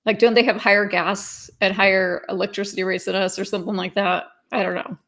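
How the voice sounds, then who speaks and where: Female co-host, chatty, laughs easily, mid-pitched voice. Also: level tone, fairly quick, fairly bright tone. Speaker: podcast co-host. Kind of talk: casual political chat.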